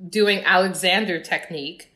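Middle-aged woman guest, low-set voice, lively anecdotes in easygoing chat. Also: normal speed. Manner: animated storyteller, acts out her past self. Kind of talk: casual podcast chat.

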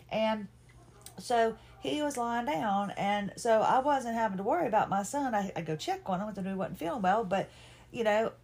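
A woman's voice: medium pitch, a little mellow. A woman, hosting a podcast and telling a folksy, chatty, self-mocking personal story. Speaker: podcast host.

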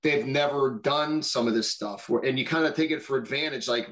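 A middle-aged man telling war stories on a podcast in a casual, profane and animated way, acting out what others said. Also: medium pitch, normal speed. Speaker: podcast guest. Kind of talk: casual storytelling.

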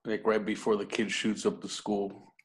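Low-voiced man joking crudely. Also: completely flat delivery, moderate pace, a little hiss or hum. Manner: laid-back, crude joking. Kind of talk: casual podcast chat.

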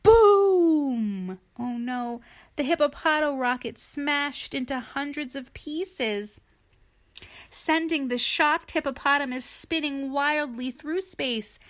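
Unhurried woman reading a storybook aloud. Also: high voice, steady tone. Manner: gentle, playful, with chatty asides. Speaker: reader to a child. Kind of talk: reading a picture book aloud.

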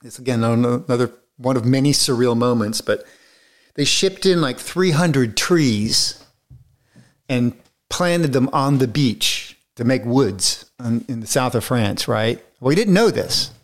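A man's voice: mid-range voice, a little slow. A middle-aged man, a film director being interviewed, telling long, rambling stories in a casual way with many restarts.

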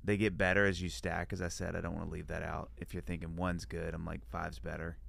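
A man's voice: low-pitched, flat delivery, a little fast, gravelly, fairly bright tone. A man guest on a podcast, talking in a playful, rambling way with jokey asides. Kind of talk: casual comedic chat.

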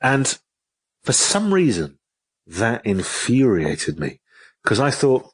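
A man, an author telling a story in an interview, lively and given to repeating and restarting his phrases. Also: mid-range voice, slow pace, long pauses, slightly rough. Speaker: author and guest.

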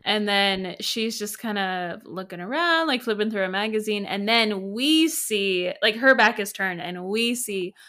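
A woman's voice: mid-range voice, expressive, measured pace, hardly any pauses, bright, forceful tone. A woman co-hosting a podcast, animatedly retelling scenes in casual chat with lots of laughter. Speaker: podcast co-host.

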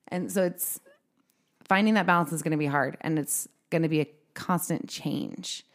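Woman host, lower-pitched, chatty podcast conversation, easy laughs. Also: moderate pace. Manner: chatty, laughs often, quotes herself in asides.

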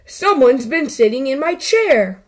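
Storybook papa bear, gruff and growling; voiced by a woman narrator. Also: sits high, sing-song, unhurried. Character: big gruff father bear.

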